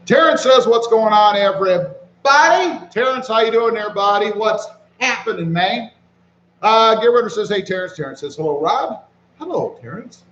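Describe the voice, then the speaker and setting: Guy live streaming off his phone, kinda high voice, laid back, reads chat out loud, echoey dull audio. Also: moderate pace, a little hiss or hum. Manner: relaxed, reads chat aloud and greets viewers by name. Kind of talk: casual live-stream chat reading viewer comments. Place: walking around outdoors.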